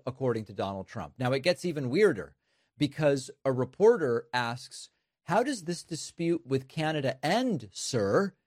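A man's voice: medium pitch, animated, normal speed, no echo, studio quality. Sarcastic male political commentator. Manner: sarcastic, mocking impressions. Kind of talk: commentary on news clips.

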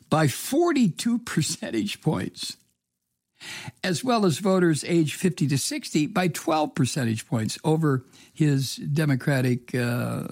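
A man from Georgia in the US delivers solo political commentary, reading the news and then tearing into it with profane sarcasm. He speaks haltingly and indignantly, full of fillers and restarts, in a gravelly, husky voice that sits on the high side with a darkish tone. The recording is dry and close to the mic.

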